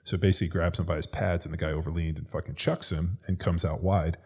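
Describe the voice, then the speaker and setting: Low-voiced guy swearing his way through a wild football story, podcast chat. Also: fast talker, husky. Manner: profane, animated storyteller. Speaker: podcast co-host, former NFL lineman.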